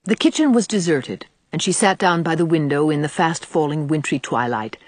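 A woman narrating a novel aloud in an expressive, storytelling manner, recorded close on a microphone. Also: deep voice, moderate pace, no room sound. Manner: expressive, varies voices for characters. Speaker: audiobook narrator. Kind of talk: scripted narration.

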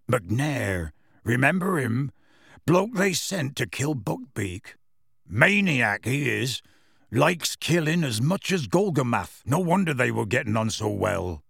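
A man voicing a huge, warm-hearted half-giant gamekeeper who talks in rough dialect and tells his tale with relish, in an audiobook reading. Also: medium pitch, sing-song, takes it slowly, no echo, clean studio sound, heavily acted. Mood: gruff storytelling. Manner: rough dialect speech, dropped sounds, storytelling relish.

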